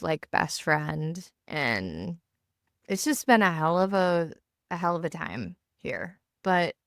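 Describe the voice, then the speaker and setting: A woman in her thirties co-hosts a podcast from a home basement, chatting casually in a low voice. She speaks haltingly, restarting sentences and relying on fillers, and the sound is clean, dry, and close with no room echo.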